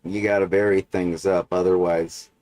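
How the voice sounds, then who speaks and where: This livestream host speaks at a normal speed in a low, darkish voice with little pitch movement and no echo. His talk meanders, stuffed with fillers and repeated "right?" check-ins.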